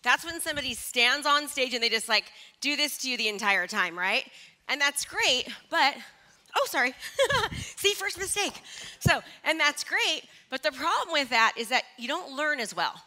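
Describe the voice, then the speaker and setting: A woman in her forties giving an energetic, chatty stage talk and drawing the live audience in, a little nervous. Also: high-pitched, moderate pace. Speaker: motivational speaker.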